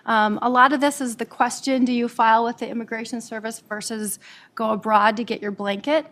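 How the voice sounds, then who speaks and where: A woman from Nebraska, an immigration attorney, presenting a webinar quickly with frequent "um"s and repeated words. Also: a little high, steady tone, fairly bright tone. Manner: fast-talking, with frequent fillers and repeated words. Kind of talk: professional presentation.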